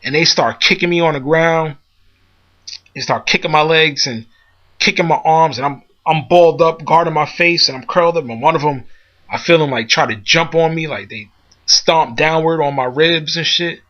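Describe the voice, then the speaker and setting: A man with a rather high, sharp-toned voice tells a personal story at a moderate pace, rambling casually with lots of fillers and restarts. It's a casual spoken anecdote captured in a dull, lo-fi recording.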